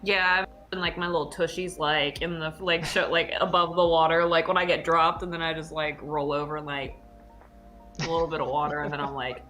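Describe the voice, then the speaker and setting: A woman playing a tabletop game online, her voice bright and sitting on the low side. She talks in a chatty, animated way and fills her sentences with little fillers. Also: a little fast, faint music behind. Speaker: player.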